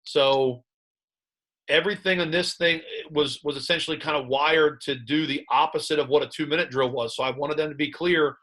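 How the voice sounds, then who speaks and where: A man who coaches high school football, breaking down game film in conversation and telling animated stories about his players and staff. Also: normal speed. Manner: animated storyteller recounting sideline moments; plain coaching talk about play calls.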